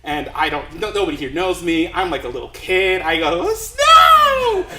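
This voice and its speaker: A man's voice: fairly high pitch, brisk, roomy sound, very noisy. A man from Los Angeles telling a comic story to a live crowd, chatty and self-deprecating, rambling along. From Los Angeles, USA.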